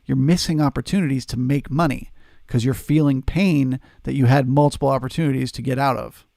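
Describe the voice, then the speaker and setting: Gravelly man coaching traders live. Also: medium pitch, fairly even intonation, a little fast, mellow, no room sound, studio quality. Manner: coaching, earnest and emphatic, swears casually. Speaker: trading livestream host. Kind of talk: live trading commentary answering chat.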